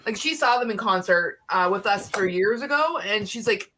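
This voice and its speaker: A woman's voice: mid-range voice, animated, normal speed, noisy background. An American woman chatting casually on a livestream, giggling and searching for her words. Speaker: guest on a livestream. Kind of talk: casual chat.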